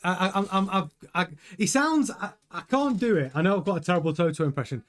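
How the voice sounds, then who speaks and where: Excitable man calling a race. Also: high voice, fairly quick. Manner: excitable, stumbling restarts, chatty. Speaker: host. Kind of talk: live race watchalong commentary.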